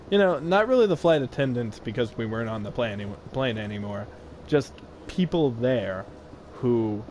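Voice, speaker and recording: A young gaming video host casually tells a funny personal story while playing, laughing often and acting out the people he quotes. His voice is mid-range with a darkish tone, and there's a little hiss or hum.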